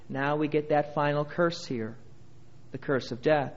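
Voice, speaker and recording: A man's voice: fairly high pitch, expressive, moderate pace, a bit bright, highs cut off. A male pastor preaching a sermon, reading scripture aloud and building emphasis through repeated phrases.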